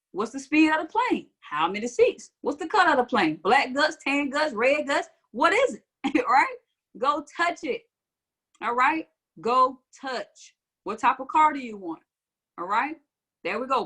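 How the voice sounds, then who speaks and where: A young adult woman giving an energetic, preachy motivational talk on a livestream, repeating her points and often laughing. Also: high-pitched. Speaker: online coach.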